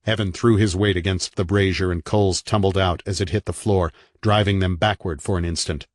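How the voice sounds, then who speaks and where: A man reading a horror novel aloud in a dramatic, measured narration. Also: low-pitched, steady tone, dry recording. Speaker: audiobook narrator.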